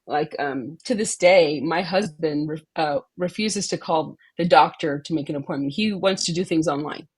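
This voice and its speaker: Husky-voiced woman, halting guest. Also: deep voice, a little mellow. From Texas. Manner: halting, many ums and restarts, laughs often. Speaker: podcast guest. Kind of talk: casual interview chat.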